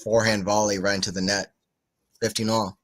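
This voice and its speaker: Man, live tennis watchalong commentator, just woke up, rambly chatty asides, somewhat low voice. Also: level tone, fairly quick. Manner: chatty, rambling asides between point calls.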